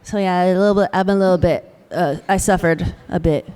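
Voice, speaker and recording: A woman voice actor chatting on a convention panel, telling animated stories full of laughter in a hall. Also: on the low side, a little fast, smooth. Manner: giggly, animated storyteller acting out quotes. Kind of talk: casual convention panel chat.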